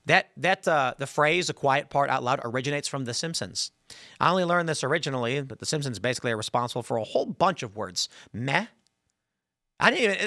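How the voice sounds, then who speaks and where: This is a man from Chicago doing a solo political commentary. His voice sits a little high and has a bright, edgy tension. He sounds dry and close to the mic as he argues his points with conviction, often stumbling and restarting his sentences. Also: dry recording. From Chicago, United States. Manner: opinionated and argumentative, with frequent restarts.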